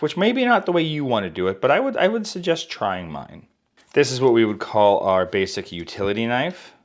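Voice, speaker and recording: A young adult man hosting a casual cooking demonstration in a home kitchen, chatty and self-deprecating as he explains knife skills. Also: medium pitch. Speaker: cooking channel host.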